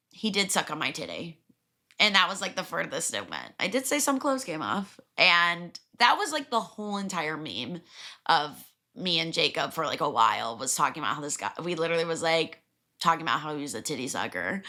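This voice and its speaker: A young woman hosting a podcast, talking casually and crudely with quick asides and frequent laughs. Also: medium pitch. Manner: chatty and crude, laughs often, lively asides. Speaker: podcast host. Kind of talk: casual solo podcast chat.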